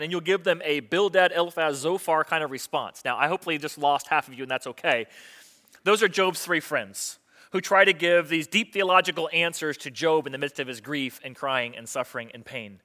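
A man giving a sermon in a casual, talky way, often putting questions to his listeners. His voice sits high and rings bright and forward. He drops his level to a hush at times and then lifts it again. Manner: conversational, asks the audience questions, quick asides. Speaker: pastor.

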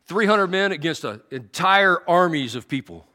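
A man's voice: high-pitched, lively intonation. A man preaching a sermon, telling a story animatedly and acting out the voices. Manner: drops to a hushed, slow prayer. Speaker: pastor.

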